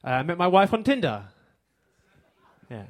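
A man with an English accent doing a stand-up set on a theater stage, with a dry, deadpan delivery. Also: high-pitched, unhurried. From England. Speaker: stand-up comedian.

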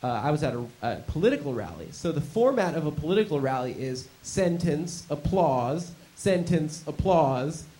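A man's voice: a little high, big pitch swings, fairly quick, few pauses. A man doing a stand-up set, telling a rambling story. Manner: rambling storytelling, bursts into shouted mock slogans. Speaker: stand-up comedian.

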